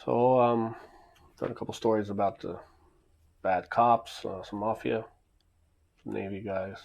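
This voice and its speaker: Gravelly man telling a story. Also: on the low side, steady tone, a little slow, a little mellow, highs cut off. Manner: rambling with quoted back-and-forth. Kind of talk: casual storytelling.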